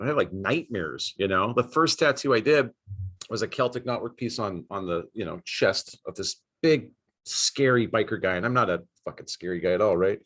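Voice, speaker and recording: Low-voiced man, laid-back and swearing. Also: moderate pace, a bit bright. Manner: swears casually, laughs often, many fillers. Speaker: podcast host. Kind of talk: casual chat.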